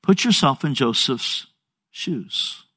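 A pastor preaches a sermon, telling the story vividly and acting out the characters' dialogue, often stammering and restarting. His voice is mid-range, slow, and husky.

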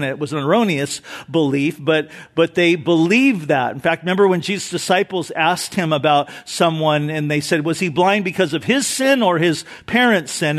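Animated high-voiced male pastor preaching. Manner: animated preaching, shifts pitch and loudness for emphasis; acts out crowd voices in quotes. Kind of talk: sermon.

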